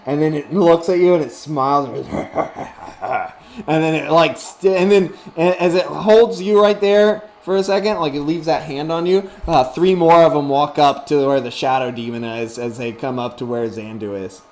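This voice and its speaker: A man's voice: on the high side, fairly even intonation, normal speed, hardly any pauses, a little mellow. A man narrating as game master, rambling with many fillers.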